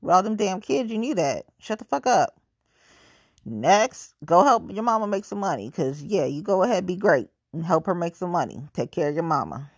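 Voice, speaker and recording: A woman's voice: on the low side, big pitch swings, normal speed, husky, dry recording, studio quality. A woman venting in a profane, exasperated monologue.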